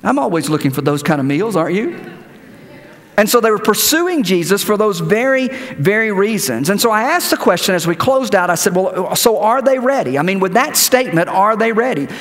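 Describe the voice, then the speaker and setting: A male pastor preaching a sermon in a church, animated, with repeated words and rhetorical questions. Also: high voice, fairly quick, big-room sound. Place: church sanctuary.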